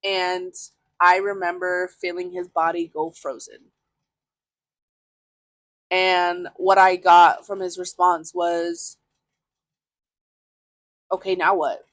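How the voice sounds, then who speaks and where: A woman hosting a podcast, telling her own story frankly and casually, with plenty of filler words and some swearing. Her voice sits a little low. The sound is close and dry, with no room echo. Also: level tone, slow, pauses often. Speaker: podcast host. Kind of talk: candid personal storytelling.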